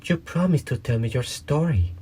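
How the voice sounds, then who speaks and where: A polite, anxious little girl from a storybook, eager and apologetic, with a lifted, light voice, as a man reading aloud puts her on. The tone stays slightly husky underneath. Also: medium pitch, lively intonation, normal speed, dark tone, voice pushed up.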